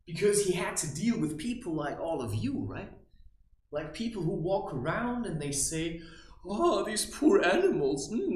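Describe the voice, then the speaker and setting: A man's voice: fairly high pitch, roomy sound, rough recording. A man giving a rambling spiritual monologue, provocative and mocking. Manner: animated, provocative, with mocking asides. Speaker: spiritual vlogger.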